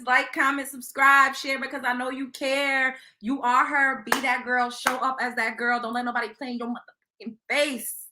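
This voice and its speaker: A woman's voice: high-pitched, flat delivery, moderate pace, noisy background. A young adult woman hosting a talk show, giving blunt, profane advice in a casual monologue and laughing often. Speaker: show host.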